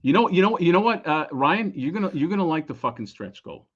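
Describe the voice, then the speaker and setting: A man in casual podcast chat who gets excitable, swears often and stumbles over his words. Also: a little high, fast talker, lo-fi sound. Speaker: podcast guest, toy creator.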